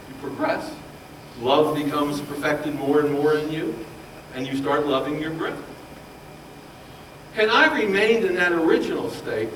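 Impassioned preacher in an echoey hall. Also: male voice, high-pitched, a little hiss or hum. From Baltimore, Maryland. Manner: impassioned, swings from loud to hushed. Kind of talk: sermon. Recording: roomy echo, voice from far off.

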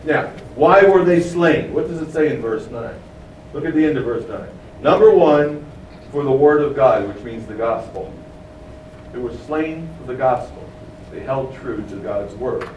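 A man's voice: medium pitch, darkish tone, highs cut off, a little hiss or hum. A man preaching a sermon, explaining a passage and asking his listeners questions. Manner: explains, asks the room questions. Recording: echoey room, mic at a distance.

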